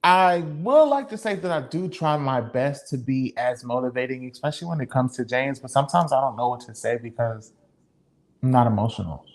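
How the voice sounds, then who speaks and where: A man's voice: medium pitch, fairly quick, darkish tone. A man co-hosting a podcast, talking in an earnest, reflective way and swearing now and then. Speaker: podcast co-host. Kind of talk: candid casual chat.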